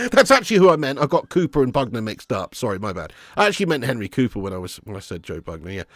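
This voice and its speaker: A man's voice: mid-range voice, sing-song, fast talker, no room sound. A man hosting a live football watch-along, chatting casually with his viewers and swearing freely. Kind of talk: live stream commentary and chat.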